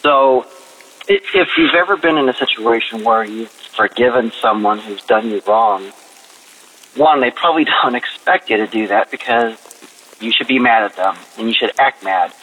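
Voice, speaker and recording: A man leaves an earnest message for a faith community. His voice sits at a mid pitch and stays upbeat and encouraging throughout. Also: normal speed, pushed and bright, slight background noise, poor audio. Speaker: caller.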